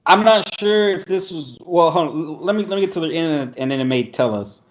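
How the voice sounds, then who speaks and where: A man's voice: fairly high pitch, animated, a little fast. A man hosting a casual podcast over a video call, reading an article aloud and reacting bluntly with profanity. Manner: blunt, profane, laughs often. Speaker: podcast host.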